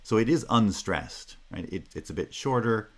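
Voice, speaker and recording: Very deep-voiced male linguistics lecturer. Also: lively intonation, moderate pace. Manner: explanatory, frequent "right?" checks and restarts. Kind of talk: recorded phonology lecture.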